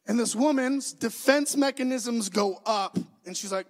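A young adult man preaching a sermon, telling the story with animated, acted-out voices. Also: very high-pitched, measured pace, few pauses, poor audio.

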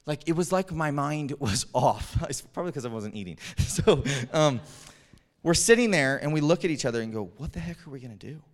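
Male pastor, storytelling sermon, clear voice, long hall reverb. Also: on the high side, normal speed. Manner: animated, chuckling storyteller. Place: church hall.

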